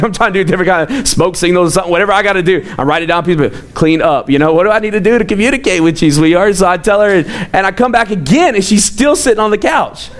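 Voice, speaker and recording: A man's voice: high voice, animated, rapid-fire, hardly any pauses. A middle-aged man, a pastor, telling a self-mocking story and acting out the quoted lines with lots of energy. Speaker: youth pastor. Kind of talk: storytelling talk.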